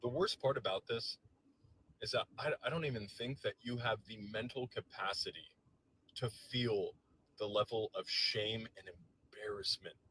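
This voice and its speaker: A man's voice: mid-range voice, a bit bright, a little hiss or hum, poor audio. A man delivering a heated, profane and sarcastic political rant to camera, visibly agitated. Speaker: political commentator.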